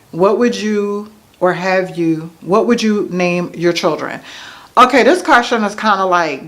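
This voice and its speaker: A woman in her thirties from the United States chatting casually to camera, answering questions with self-mocking asides to viewers. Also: fairly low pitch. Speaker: vlogger. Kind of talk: casual to-camera Q&A tag video.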